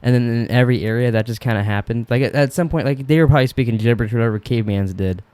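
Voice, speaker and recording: A man's voice: medium pitch, rapid-fire, darkish tone, clean tone, no echo. A man co-hosting a casual podcast chat, rambling and joking, acting out quotes in silly voices over a remote call. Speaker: podcast co-host.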